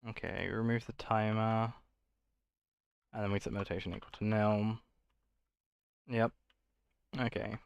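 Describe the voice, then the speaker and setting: A man's voice: fairly low pitch, steady tone, unhurried, vocal fry, long pauses, smooth, dry recording, dull audio. A man streaming himself coding, thinking aloud in a casual, muttering way and correcting himself as he goes.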